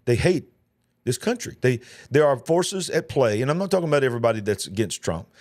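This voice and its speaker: A man's voice: mid-range voice, no echo, clean studio sound. A man, hosting a live news reaction show, talking in an emphatic, emotional way and repeating himself. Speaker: host.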